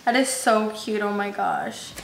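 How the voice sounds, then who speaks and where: A young beauty vlogger with a slight lisp from braces gushes to her viewers, calling them "you guys," as she tests a makeup tool. Her mid-range voice is fairly even and unhurried, with vocal fry. The casual vlog was recorded in an echoey room with faint noise.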